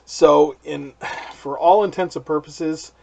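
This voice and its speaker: A man's voice: a little high, slow, vocal fry, highs cut off. A man hosting a casual movie review podcast, joking and handing the turn to others. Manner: lively, joking, playful outbursts. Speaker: podcast host.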